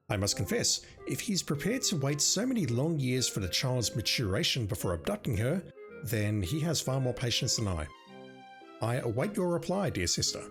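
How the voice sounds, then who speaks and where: A man's voice: mid-range voice, pitched above the performer's own voice. A man voicing a scheming evil male wizard, reading a letter with theatrical pomp over game music.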